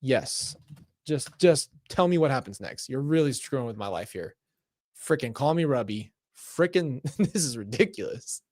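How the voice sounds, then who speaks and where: A man's voice: medium pitch, expressive, normal speed, a little mellow, no echo. A man streaming himself as he reads an interactive story aloud, breaking off with exasperated, laughing asides on a close mic.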